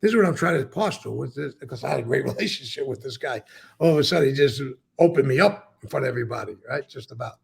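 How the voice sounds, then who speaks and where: Gravelly raspy guy spinning old stories, swears a lot, acts out the other guys' lines. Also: medium pitch, expressive, fast. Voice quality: gravelly, husky voice. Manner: acts out quoted dialogue, repeats words, swears. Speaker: former mobster telling stories. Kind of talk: casual storytelling interview.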